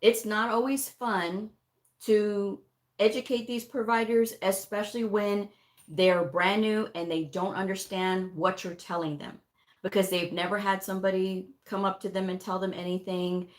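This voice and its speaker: Frank chatty woman teaching on a livestream, talks right to the viewers, medium pitch. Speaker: medical coding educator. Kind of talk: casual livestream teaching talk.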